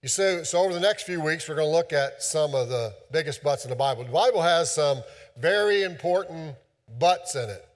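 A man's voice: fairly high pitch, expressive, a little fast, big-room sound. A man preaching a sermon as a pastor, folksy and loose, with many fillers and restarts.

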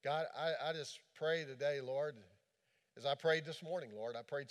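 A man preaching as a pastor, impassioned in the sermon and then hushed and gentle as he leads a prayer. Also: fairly high pitch, normal speed. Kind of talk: sermon with altar call prayer.

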